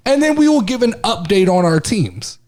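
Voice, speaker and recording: An excitable man co-hosts a casual sports podcast. His voice sits high and moves around a lot, and his storytelling has plenty of energy. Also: moderate pace. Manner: excitable, animated storytelling with swearing. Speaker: podcast co-host.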